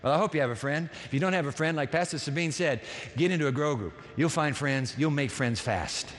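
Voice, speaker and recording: A male pastor preaching through a Bible passage, telling it as a lively story with asides to the congregation. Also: a little high, a little fast. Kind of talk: sermon. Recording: long hall reverb.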